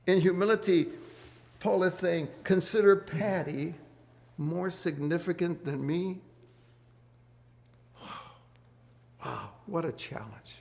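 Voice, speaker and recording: Earnest, gravelly man teaching couples. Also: sits high. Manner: earnest, repeats key words, asks the group questions. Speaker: host of a marriage study group. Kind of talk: Bible teaching for married couples.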